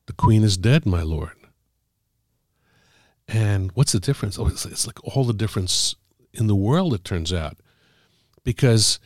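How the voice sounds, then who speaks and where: A man, middle-aged or older, an author telling stories about the craft of writing in a casual, halting way with many fillers. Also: fairly low pitch, a little mellow, dry recording, clean studio sound. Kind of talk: casual conversational storytelling.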